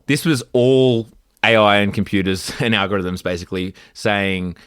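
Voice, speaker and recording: A man co-hosting a casual tech podcast, chatty and quick to laugh. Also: lowish voice, clear, resonant tone, dry recording, clean studio sound. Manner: laughs often, reads AI output aloud in a deadpan way. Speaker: podcast co-host.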